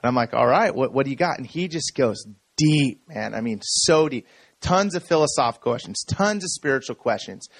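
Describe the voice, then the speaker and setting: A man in his thirties giving an energetic, story-driven sermon talk to a room full of people. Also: mid-range voice, a little fast, gravelly, no echo. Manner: energetic storytelling, self-described talker. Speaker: speaker. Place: room with audience.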